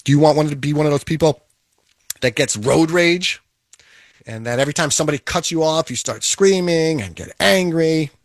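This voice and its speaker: Man, motivational monologue, emphatic, repetitive, slightly high-pitched. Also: expressive, normal speed, dry recording, clean studio sound.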